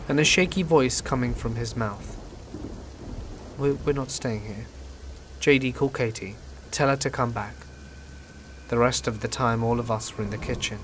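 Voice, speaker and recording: A man calmly reading a horror story in scripted narration. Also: mid-range voice. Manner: calm, steady storytelling. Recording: faint rain noise behind voice. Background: rain and thunder ambience.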